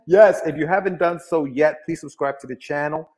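A man hosting a live podcast over a video call, his voice a touch high. He talks loosely and easily, dropping casual slang. He welcomes listeners like old friends. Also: moderate pace, rough recording. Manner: relaxed, loose, hip slang. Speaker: podcast host. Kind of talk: casual chat.

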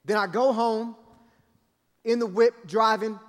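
A preacher telling a comic story about his family, animated and dramatic, with acted-out voices. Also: high voice, measured pace. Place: large event hall. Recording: reverberant large hall.

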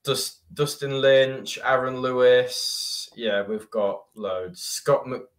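British male guest, easygoing chatter, middle pitch, listy and laughing. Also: slow. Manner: lists things loosely, giggly when telling stories. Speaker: podcast guest, racing driver. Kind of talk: casual chat.

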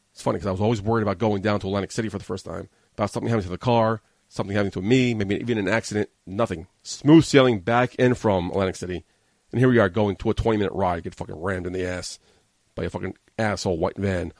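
Swearing constantly, a gravel-voiced man races through a worked-up, rambling rant as he tells a story on his podcast. He's the host, and the studio recording sounds intimate and dry, without echo.

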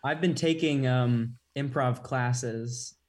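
A male co-host chatting casually on a podcast, easygoing and pausing with ums. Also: medium pitch, darkish tone. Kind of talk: casual interview chat.

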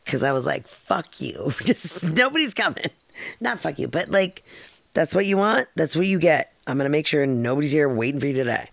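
A middle-aged woman with a low, gravelly voice tells a personal story in a loose, rambling way. She is frank and swears casually. The recording is dry and close. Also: lively intonation, fairly quick, no echo. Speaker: podcast host.

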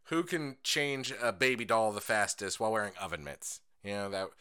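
A man's voice: fairly low pitch, normal speed, clean tone. A young adult man co-hosting a casual podcast chat, telling stories with lots of swearing and laughter. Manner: animated storyteller, swearing, laughing, acting out voices. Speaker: podcast co-host.

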